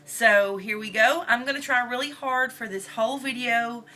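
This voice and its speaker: A woman's voice: on the high side, normal speed, pushed and bright. A young woman with a Northern Mississippi accent, chatting casually and rambling through an accent challenge vlog. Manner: rambling, chatty, says y'all. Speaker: vlogger.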